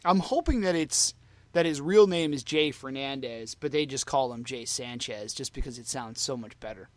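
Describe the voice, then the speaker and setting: Easygoing man chiming in on a podcast. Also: mid-range voice. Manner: easygoing and agreeable, quick to chime in with yeah. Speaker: podcast co-host. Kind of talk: casual podcast chat.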